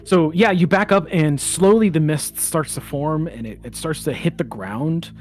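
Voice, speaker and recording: A man's voice: a little high, normal speed, faint music behind. A man running a tabletop game as game master, narrating the action with many stops and restarts.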